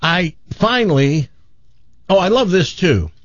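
A caller on a talk show animatedly retells a frustrating story, exasperated and acting out the people he quotes. His high voice swings widely in pitch and moves slowly, and the dry audio sounds dull, with no echo.

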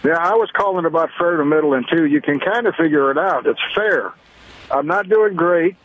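A man calling in to a radio show, telling a folksy story in an unhurried way. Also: on the high side. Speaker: caller. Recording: dull lo-fi phone line.

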